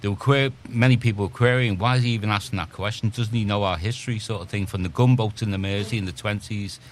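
A man on a radio panel, recounting other people's views in a measured way. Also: on the low side, fairly even intonation, slight background noise. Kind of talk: casual studio chat.

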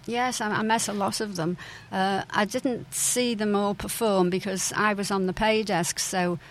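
A former club owner's daughter, now older, reminisces in an interview, speaking hesitantly with frequent fillers and restarts. She has a medium-pitched, steady voice and an unhurried pace, captured on a rough recording with slight background noise.

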